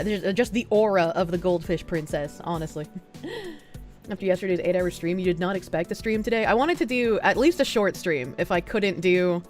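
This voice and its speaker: A woman livestreamer chatting casually and reading viewer messages aloud with frequent thanks, feeling sick with nausea and hiccups, often laughing. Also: fairly low pitch.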